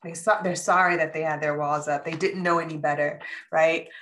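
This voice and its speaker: A woman with a low-pitched voice reads tarot cards for her viewers. She talks earnestly and from the heart, pausing on soft hums and checking in with a frequent "right?". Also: steady tone. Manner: soft hums and pauses between thoughts. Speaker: tarot reader. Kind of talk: intuitive tarot reading to viewers.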